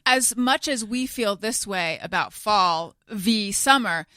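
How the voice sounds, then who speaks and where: A woman tells chatty anecdotes in a casual podcast chat. Her voice is bright and sits at a middle pitch. The sound is dry and close. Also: animated, takes it slowly, no echo. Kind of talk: casual storytelling.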